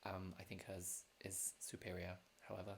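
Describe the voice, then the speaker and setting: A man's voice: sits low, monotone, moderate pace, a little hiss or hum. A man hosting a livestreamed drag show from home, chatting casually with plenty of fillers and self-mocking jokes. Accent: non-American. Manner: self-deprecating, joking, many fillers.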